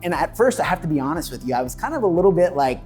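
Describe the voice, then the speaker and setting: A slightly high-pitched man conducts a relaxed interview inside an office, quick with eager affirmations. Soft music sits faintly under his voice. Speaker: host, mortgage loan officer. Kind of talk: casual interview. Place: inside a real estate office.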